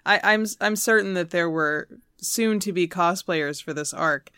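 A woman's voice: fairly low pitch, unhurried, bright, forceful tone, clear, resonant tone, dry recording. A woman co-hosting a podcast in casual chat, with wry, dry humor. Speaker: podcast co-host.

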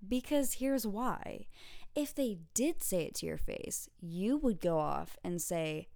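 A woman hosts a casual podcast rant and talks with exasperated emphasis. Her voice sits a little low. The recording is dry and close, with little room sound. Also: lively intonation, slow pace, a little mellow, smooth, dry recording. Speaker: podcast host; student.

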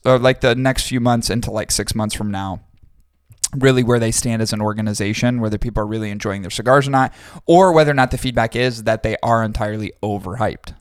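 Male podcast co-host, mid-pitched, casual and rambling, dry studio sound. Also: smooth, dry recording. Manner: rambling, thinks aloud with restarts and swearing. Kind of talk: casual chat.

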